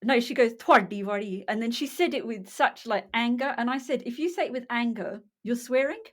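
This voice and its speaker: A woman's voice: on the high side, brisk. Chatty woman co-host, searching for words. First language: Punjabi. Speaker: podcast co-host. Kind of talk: casual chat.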